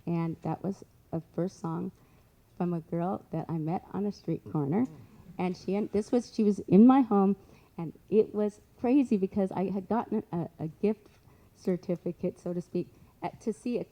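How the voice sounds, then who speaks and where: Animated woman telling a story. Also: lowish voice, low-quality recording. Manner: animated, acts out dialogue, lively asides. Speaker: guest speaker. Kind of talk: storytelling on stage.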